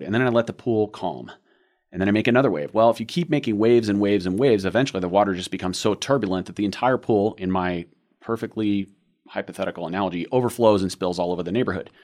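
A man's voice: deep voice, darkish tone. A man co-hosting a podcast, explaining training ideas at length with rambling analogies. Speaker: podcast co-host. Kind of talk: casual podcast discussion.

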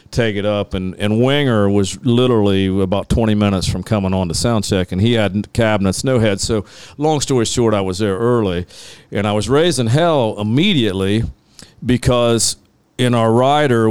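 A man's voice: lowish voice, a little mellow, clean tone, dry recording. A middle-aged man telling long, rambling stories about live sound work, swearing freely and laughing at his own tales. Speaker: guest, live sound engineer. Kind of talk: casual storytelling on a podcast.

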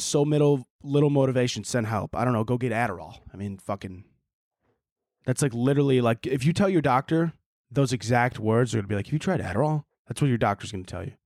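A man's voice: mid-range voice, a little mellow, no room sound, clean studio sound. A podcast host, a man, giving casual advice in a profane, sarcastic ranting manner.

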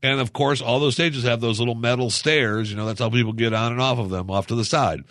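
A man's voice: mid-range voice, steady tone, brisk, fairly bright tone, no room sound. Sarcastic ranting man, dry sound. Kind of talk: casual political commentary.

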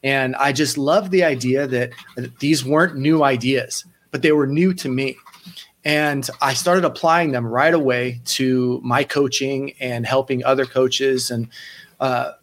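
In an unhurried, mid-range voice, a man in his thirties who coaches sports psychology shares stories in a relaxed interview. He gets animated, acts out the people he's quoting, and frequently starts his sentences over.

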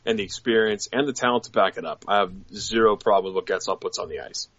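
A man with a low but bright, forceful voice co-hosts a casual fan podcast and states his opinions firmly. His mic sounds dry and a bit dull, like a cheap lo-fi setup. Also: fast talker, no room sound. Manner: opinionated, reads viewer chat questions aloud. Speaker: co-host of a hockey fan show.

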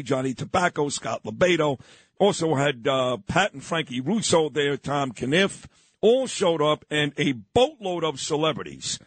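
A man's voice: fairly high pitch, slightly rough, dry recording. An older man from New York hosting a morning radio show, telling a story in an emphatic, boastful way.

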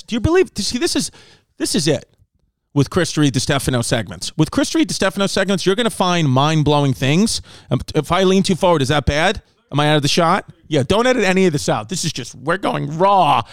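A brash, foul-mouthed male comedian runs a podcast segment, reading odd facts and riffing on them loudly. His voice sits a bit high for a man. The sound is close and dry, with no room in it. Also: dry recording. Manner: loud, brash, swears a lot, animated voices for others.

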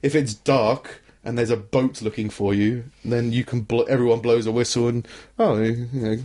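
A young man rambles through a casual comedy podcast chat. He restarts his sentences, trails off and laughs at his own points, and his voice sits at an ordinary middle pitch. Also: steady tone, normal speed, mellow. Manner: rambling, self-interrupting, laughs often. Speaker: podcast co-host.

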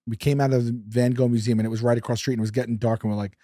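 Animated storytelling man, dry sound. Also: mid-range voice, very fast, no room sound. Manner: animated, acts out quotes, drops to a whisper. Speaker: guest. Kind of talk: casual storytelling.

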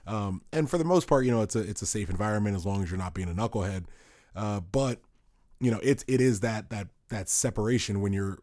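In clean studio sound with no room echo, a podcast co-host with a fairly low, darkish male voice chats casually. He spins rambling stories, keeps interrupting himself and laughs at what he's telling.

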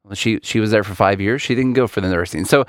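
A man's voice: fairly low pitch, fast, no room sound, studio quality. A man co-hosting a casual political podcast, laughing often and reading an article aloud to his co-hosts. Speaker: podcast co-host.

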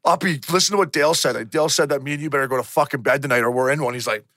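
A man, a podcast co-host and former hockey player, telling a story in a quick, excitable, profane way, laughing often. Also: mid-range voice, dry recording, studio quality. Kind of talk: casual storytelling chat.

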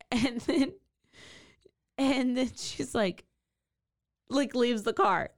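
Speaking slowly with frequent pauses, a woman with a slightly high voice co-hosts a podcast. She recounts a true crime story in a relaxed, chatty way, animatedly voicing the characters' lines.

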